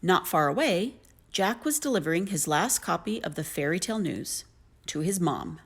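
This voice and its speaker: A woman narrating a children's story aloud in an animated, lilting way. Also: on the low side, moderate pace, husky.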